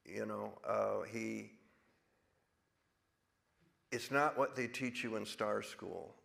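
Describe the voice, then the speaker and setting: A man's voice: on the low side, takes it slowly, gravelly, fairly bright tone. A man in his sixties, an actor guest in a live stage conversation, talking in a rambling way with many restarts. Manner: rambling with restarts, drops into big put-on voices when quoting.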